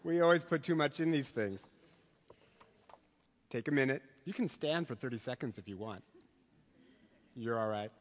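A man leading a talk on novels, relaxed and a bit hesitant. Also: medium pitch, moderate pace, pauses often. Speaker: lecturer. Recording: hall reverb.

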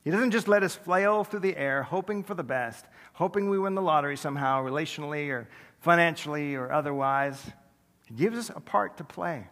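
A man preaching a sermon as pastor, conversational and self-deprecating, with quick humorous asides. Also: a little high, fairly bright tone, long reverb tail. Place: large church sanctuary.

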